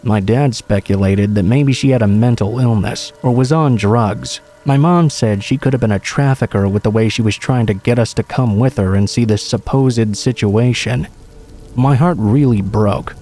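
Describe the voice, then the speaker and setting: A man reading a true horror story aloud in calm, measured scripted narration. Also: medium pitch, soft background music.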